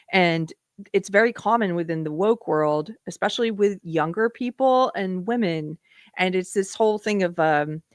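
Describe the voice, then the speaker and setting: A woman's voice: lowish voice, no echo, clean studio sound. A woman from South Carolina hosting a live political show, giving emphatic, opinionated commentary and reading out viewer donations.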